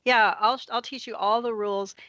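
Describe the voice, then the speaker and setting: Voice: mid-range voice, fairly even intonation, moderate pace, no room sound, voice pushed up, lightly acted. A game master voicing an eager, talkative eight-year-old girl in a tabletop game. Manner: bright, eager, bossy. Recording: slightly dull lo-fi audio.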